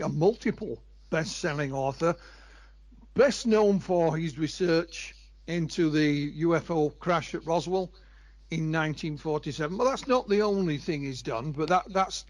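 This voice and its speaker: A man co-hosts an interview, introducing his guest and asking questions in a halting manner. His voice sits a little high for a man, and the sound is dry and close to the mic. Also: no room sound. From United Kingdom. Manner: halting, with fillers and restarts. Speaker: co-host. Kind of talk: interview hosting.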